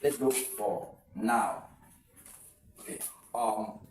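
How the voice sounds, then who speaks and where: A man's voice: on the low side, very slow, far from the mic, a little hiss or hum. A man teaching an exam-prep English lesson, saying words over with shifted stress and giving example sentences. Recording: echoey room, voice away from the mic.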